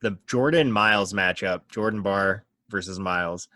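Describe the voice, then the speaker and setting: Low, bright-voiced young man telling a story. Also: normal speed, dry recording. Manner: animated storyteller acting out quoted texts. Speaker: guest. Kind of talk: casual storytelling chat.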